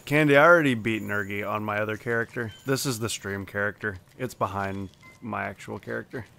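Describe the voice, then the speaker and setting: A man's voice: lowish voice, a little fast, vocal fry, sharp tone, slight background noise. Joking man streaming a game. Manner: joking, profane banter. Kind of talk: casual gaming chat.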